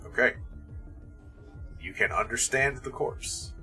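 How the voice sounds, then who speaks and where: A man narrating as game master of a tabletop game, describing scenes in a calm, matter-of-fact way. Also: medium pitch, slow pace, over loud music.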